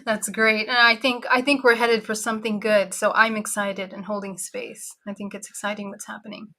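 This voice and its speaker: A woman guest talks about her upcoming events in a bubbly, effusive way. Her voice sits at a middle pitch with a bright edge. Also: level tone, normal speed. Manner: bubbly and effusive, laughs often. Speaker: guest speaker on spirituality. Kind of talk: upbeat interview chat.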